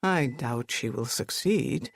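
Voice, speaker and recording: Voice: medium pitch, animated, slow, vocal fry, husky, no room sound, voice pushed down, exaggerated voice. An audiobook narrator voicing a reserved army major who speaks in a dry, clipped, wry way.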